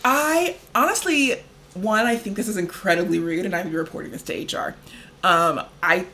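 A podcast co-host with a bright, forceful, medium-pitched voice talks at normal speed, and a little hiss or hum sits under the recording. She's chatty and loose, sprinkling in plenty of "like" and laughing easily.

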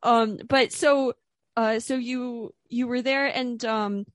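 A woman's voice: on the high side, fairly even intonation, slow, no echo, clean studio sound. Chatty young woman hosting a podcast. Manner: chatty, laughs often. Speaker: podcast host. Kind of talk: casual interview.

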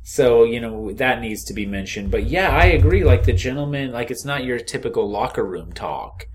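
A man co-hosts a podcast in an easygoing recap chat. His voice sits at an ordinary middle pitch, and he slips in dry, joking asides as he talks. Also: expressive, normal speed, a little hiss or hum. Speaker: podcast co-host.

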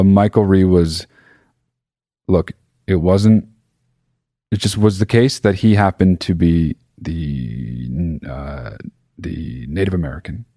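A man's voice: fairly low pitch, dark tone, dry recording, clean studio sound. A man telling a comedic story in a rambling monologue, swearing freely and mocking himself, often stopping to correct himself. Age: adult. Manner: profane, sarcastic, rambling with self-interruptions.

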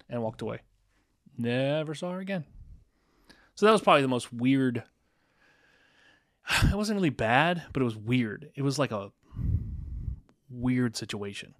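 A man's voice: medium pitch, expressive, a little slow, long pauses, no echo, clean studio sound. A man co-hosting a podcast, telling a dating story casually and acting out both sides of the dialogue, with some swearing. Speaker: podcast co-host.

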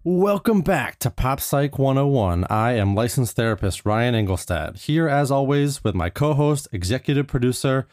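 A man hosting a podcast, a licensed therapist, trades upbeat, easygoing banter with his co-host. His voice sits at an ordinary middle pitch. The recording is dry and close, with no room sound. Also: animated, moderate pace, hardly any pauses, darkish tone, dry recording. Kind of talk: casual podcast chat.

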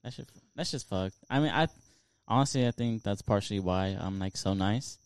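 A man's voice: on the low side, a little fast, clean tone, no echo. A young man co-hosting a podcast, speaking in a subdued, sincere way in casual chat. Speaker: podcast co-host.

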